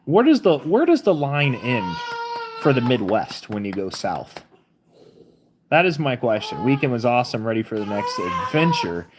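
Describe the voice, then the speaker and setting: A woman's voice: a bass voice, very animated, moderate pace, background noise. A woman from southern Missouri with a Southern accent, hosting a casual live stream, chatting with viewers and reading their comments aloud. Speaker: livestream host.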